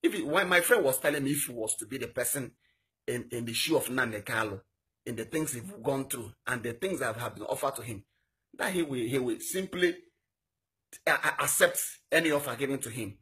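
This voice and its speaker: Very husky fiery Nigerian young man. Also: lively intonation, fairly quick, pushed and bright. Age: young adult. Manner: fiery and exhorting, voice swinging high on rhetorical questions. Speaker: political activist. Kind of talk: impassioned political appeal.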